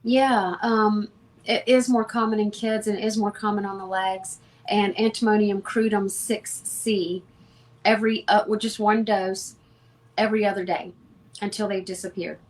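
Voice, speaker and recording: A woman speaking as a homeopath guest in an interview, giving advice in a calm, matter-of-fact, instructive way. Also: medium pitch, normal speed.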